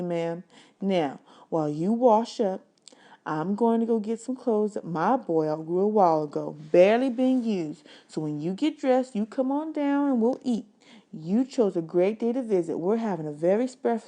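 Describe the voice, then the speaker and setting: A woman's voice: mid-range voice, mellow, voice pushed up, natural voice. A woman reading aloud the part of a kind, fussing mother who scolds and dotes by turns. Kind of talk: storybook read-aloud.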